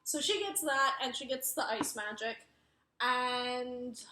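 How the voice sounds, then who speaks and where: A woman's voice: high voice, takes it slowly, bright, forceful tone, slight background noise. A young woman giving a casual book review, rambling with lots of fillers. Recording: roomy echo.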